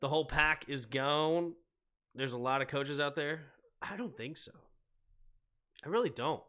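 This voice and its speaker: A young man hosting a live sports stream, mixing casual chat with excitable football play-by-play that climbs to shouting on big plays. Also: on the high side, unhurried.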